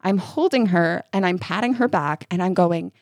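A woman co-hosting a casual parenting podcast, telling animated stories and acting out how she soothes her child. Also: fairly low pitch, normal speed, dry recording, clean studio sound. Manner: animated storyteller, acts out soothing lines, laughs often. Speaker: podcast co-host.

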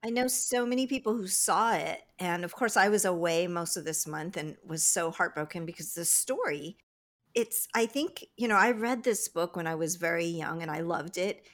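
A woman's voice: lowish voice, normal speed, a bit bright. A woman hosting an interview, asking questions and sharing her own thoughts in a conversational way. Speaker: interview host. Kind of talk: casual interview chat.

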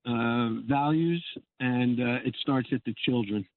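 A man's voice: medium pitch, measured pace, slight background noise. An older man calling in to a radio show, speaking hesitantly and stopping often on filler sounds. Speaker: caller. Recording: phone line.

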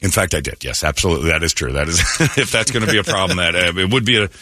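A man's voice: low voice, racing, pushed and bright, no echo. A man hosting a radio morning show, ranting sarcastically in a talk radio monologue.

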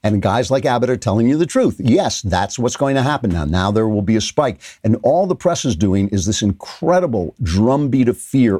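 An older man hosts a political commentary show, his low voice dark and mellow. He talks in an animated, opinionated way, full of sarcastic asides and quick restarts. The sound is dry and close. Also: dry recording.

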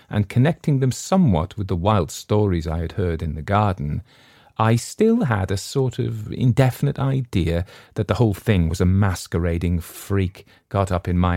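A man reading a classic story aloud in a measured, dramatic first-person narration. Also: deep voice, vocal fry, a little mellow, no echo, studio quality. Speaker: audiobook narrator.

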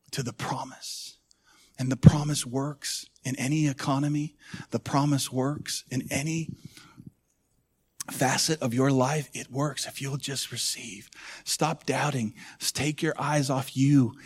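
A middle-aged man preaching a sermon as pastor, swinging from hushed, intimate lows to loud rousing calls to the congregation. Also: breathy edge.

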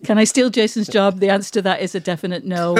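A woman's voice: medium pitch, steady tone, quick pace, no echo. A middle-aged woman hosting a podcast, chatting casually and laughing as she trails off and restarts. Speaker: podcast host. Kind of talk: casual chat.

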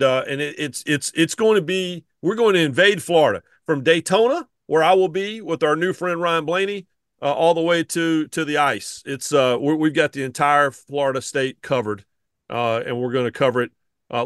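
A man co-hosting a podcast, talking in a halting way as he restarts and repeats his words. His voice sits a little high, and the sound is dry and close. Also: a bit bright, no echo. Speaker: podcast co-host. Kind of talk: casual podcast chat.

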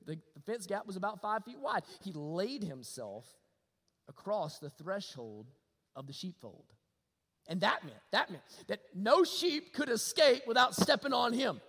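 Male pastor, storytelling sermon, loud then hushed, high-pitched, echoing church hall. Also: very animated, measured pace, slightly rough. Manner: storytelling, swings between loud emphasis and low hushed lines. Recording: long hall reverb.

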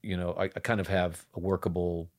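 A man on a podcast as an actor guest, talking casually. His voice is low with a gravelly fry, and he tells rambling, self-deprecating stories. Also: flat delivery, a little fast. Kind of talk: casual interview conversation.

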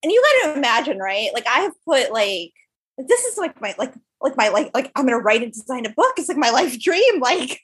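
A woman's voice: a little high, sing-song, a bit bright, husky. A young woman, a podcast guest, telling stories in casual interview chat, full of "like" fillers. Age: young adult. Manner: fast, filler-heavy storytelling with lots of "like". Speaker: podcast guest, startup founder.

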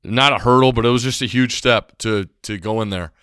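A man co-hosting a sports podcast, speaking earnestly in halting phrases. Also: medium pitch, a bit bright, clean tone, no echo. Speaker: podcast co-host. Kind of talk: casual sports podcast chat.

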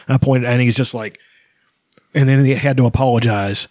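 A man's voice: mid-range voice, fairly even intonation, fast talker, a little mellow, no room sound. A man co-hosting a casual podcast who tells heated, profane stories about bad jobs. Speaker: podcast co-host. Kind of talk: casual chat.

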